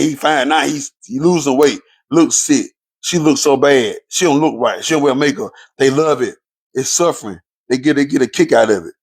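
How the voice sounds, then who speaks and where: A man's voice: mid-range voice, gravelly, slightly rough. A man, giving an impassioned, preachy monologue to viewers about relationships, repeating his points for emphasis. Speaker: relationship commentator.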